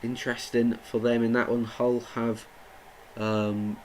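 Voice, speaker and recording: A man's voice: mid-range voice, little pitch movement, a little slow, darkish tone, a little hiss or hum, low-quality recording. A young man doing live football watchalong commentary, chatting with viewers and getting indignant at the play. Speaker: watchalong streamer. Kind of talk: live match commentary and chat.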